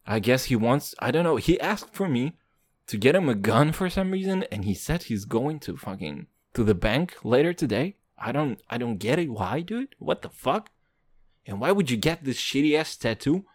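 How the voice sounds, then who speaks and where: A man doing a profane stand-up monologue in hip-hop slang, English not his first language, jumping between loud outbursts and low mutters. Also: sing-song, moderate pace, no echo, studio quality. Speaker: stand-up comedian.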